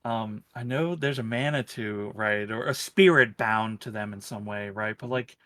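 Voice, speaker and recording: Man, tabletop player, bright voice, tentative and halting. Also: fairly low pitch. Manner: tentative, stumbling over words. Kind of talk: casual tabletop play.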